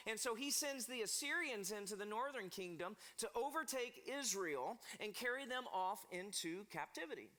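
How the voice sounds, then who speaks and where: A man pastor, preaching a sermon in a church and telling a Bible story in a lively, humorous way, getting the congregation to repeat words after him. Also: very high-pitched, normal speed, few pauses. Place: church sanctuary.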